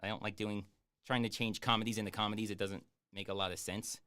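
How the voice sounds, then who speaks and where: Man, low voice, casual live-stream chat, rambling, deadpan jokes, lots of ums. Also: quick pace, clean tone. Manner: rambling, jokey, deadpan boasts; hesitant with many fillers. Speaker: YouTube streamer answering chat.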